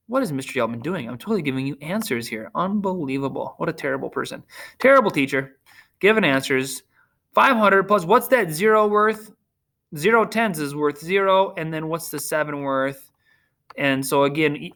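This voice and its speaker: A man's voice: a little high, bright, forceful tone. A man teaching a recorded remote math lesson to children, upbeat, cracking corny jokes and teasing himself, talking through a screen share.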